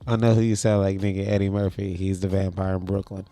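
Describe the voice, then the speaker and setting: A man's voice: low-pitched, little pitch movement, fast, warm tone, dry recording, faint music behind. A man co-hosting a podcast in casual chat, laid-back and teasing, with plenty of swearing. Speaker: podcast co-host.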